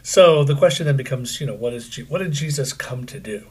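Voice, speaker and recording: A man's voice: mid-range voice, lively intonation, brisk, a little mellow, slightly rough. A middle-aged man from central Pennsylvania, co-hosting a podcast in a chatty, joking, self-deprecating way. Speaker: podcast co-host. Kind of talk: casual podcast chat.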